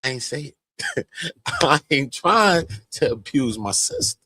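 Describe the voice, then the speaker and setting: A man talks casually on a live stream, slangy and animated, dropping into mocking little impressions. His voice sits at an ordinary pitch. The sound is close and dry, with no room around it. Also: a little slow, dry recording. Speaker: live commentary host.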